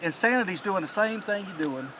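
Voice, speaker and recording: A man, excitedly telling the story of a hunt in a casual chat outdoors in the mountain woods, rambling and restarting his sentences. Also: sits high, a little fast, slight background noise, low-quality recording. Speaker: hunting channel host.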